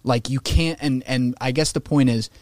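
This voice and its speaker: A man talking in a casual podcast conversation, animated and opinionated, swearing freely and slipping into mocking voices for quotes. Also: medium pitch, moderate pace, dry recording, clean studio sound.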